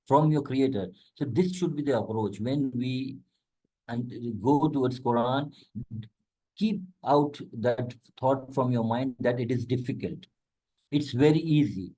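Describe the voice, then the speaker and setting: A man giving a conversational religious lecture, explaining Arabic words and quickly reciting verses between plain explanations. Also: medium pitch, mellow, low-quality recording. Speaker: Islamic lecturer.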